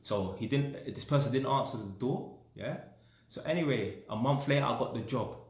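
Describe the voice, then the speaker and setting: A man's voice: medium pitch, moderate pace, echoey room. A man telling a story casually, swearing often and ending lines with "yeah?". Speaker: vlogger.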